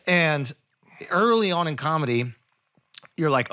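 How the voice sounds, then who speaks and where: A male comedian in casual conversation, telling a story in an excited, profane way. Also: mid-range voice, moderate pace. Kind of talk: casual chat.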